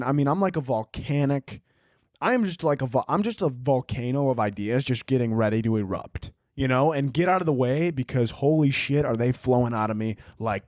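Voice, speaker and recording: A man's voice: mid-range voice, darkish tone, no room sound. Young guy rambling on his podcast, swears a ton, goofy tangents, dead dry sound. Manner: rambling, profane, goofy riffing. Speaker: podcast host. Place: room at home, late night.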